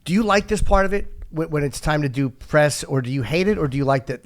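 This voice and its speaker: A man's voice: a little high, expressive, quick pace, dry recording. A middle-aged man hosting a talk show, chatting casually with dry, self-mocking jokes. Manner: self-deprecating, dry jokey delivery. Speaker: host.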